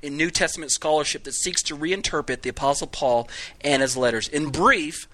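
A man's voice: on the high side, brisk, pushed and bright. A man teaching a Bible study class to a live group, chatty and joking, with frequent restarts. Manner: conversational, jokey, with many restarts. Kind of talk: classroom lecture.

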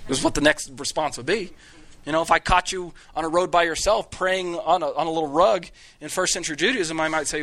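Bright-voiced man teaching a Bible class. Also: a little high, expressive, brisk. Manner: conversational, jokey, with many restarts. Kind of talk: classroom lecture. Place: room with a live class.

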